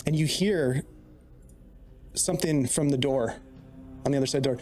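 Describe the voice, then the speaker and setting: A man's voice: medium pitch, normal speed, pauses often, darkish tone, soft background music. A man narrating as dungeon master, steadily setting scenes and explaining the rules. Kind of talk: narrating a tabletop game.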